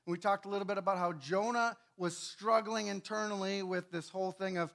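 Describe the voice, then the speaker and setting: A male pastor with a high, bright voice preaches in a church. He teaches conversationally and keeps checking that his listeners follow him. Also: steady tone, brisk, gravelly, hardly any pauses. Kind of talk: sermon.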